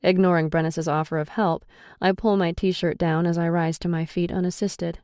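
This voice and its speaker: A woman's voice: on the low side, level tone, moderate pace, darkish tone, dry recording. A woman narrating a first-person audiobook in a wry, sarcastic storytelling manner, close to the mic.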